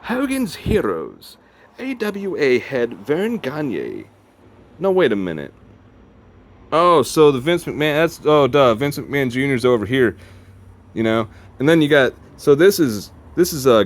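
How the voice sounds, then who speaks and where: A man hosting a casual video, reading aloud from a magazine with jokey asides and quick self-corrections. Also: medium pitch, sing-song. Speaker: video host.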